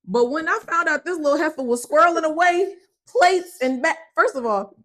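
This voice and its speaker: A woman's voice: sits high, normal speed. A young adult woman co-hosting a podcast, chatting casually and telling stories with frequent laughs. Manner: laughs often, animated storytelling, African American vernacular. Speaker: podcast co-host. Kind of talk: casual chat.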